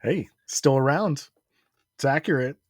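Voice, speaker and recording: A man in his forties co-hosting a podcast, easygoing and quick to laugh. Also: medium pitch, no room sound, studio quality. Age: 40s. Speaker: podcast co-host. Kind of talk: casual comedic chat.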